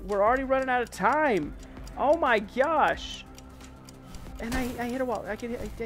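Male gaming host, higher register, exclaiming through play over faint game music. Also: normal speed. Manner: excitable, exclaiming, mild self-censored oaths. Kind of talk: let's play commentary.

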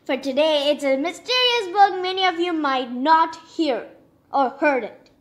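A woman's voice: high voice, lively intonation, measured pace. A woman reading a picture book aloud to children in a playful, sing-song storytelling voice.

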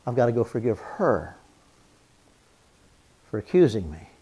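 A man's voice: fairly low pitch, sing-song, unhurried, warm tone, slightly rough. A man teaching a marriage seminar as a pastor, earnest, repeating phrases for emphasis and acting out spoken apologies.

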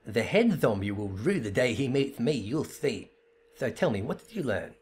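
A man's voice: mid-range voice, sing-song, moderate pace, darkish tone, husky. A man voicing a bubbly, trigger-happy young female assistant in a perky, eager, raised voice for a fantasy game read-through. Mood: cheery.

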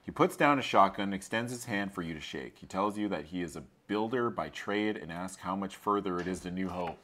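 A man reading a choose-your-path gamebook aloud and joking with friends, animated and laughing, with some swearing. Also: low-pitched, brisk, hardly any pauses.

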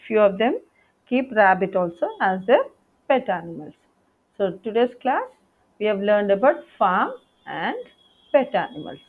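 A woman teacher giving a patient lesson to young schoolchildren, spelling out words letter by letter. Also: mid-range voice. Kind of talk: online class lesson for young children. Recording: tinny phone-like audio.

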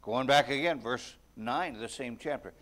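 A man's voice: mid-range voice, normal speed, a bit bright. A man preaching a sermon at a prayer meeting, talking earnestly and conversationally, with bursts of emphasis and scripture read aloud. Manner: reads scripture aloud in King James wording.

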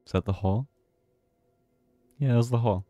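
A man's voice: medium pitch, fairly quick, warm tone, no room sound, muffled recording, faint music behind. A man streaming a horror game live, chatting and reacting aloud as he plays. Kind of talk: casual gameplay commentary.

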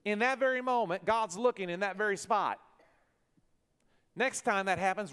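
A pastor preaching a sermon, swinging from hushed lines to loud bursts. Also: male voice, high-pitched, lively intonation, moderate pace, clear, resonant tone. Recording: long church hall reverb.

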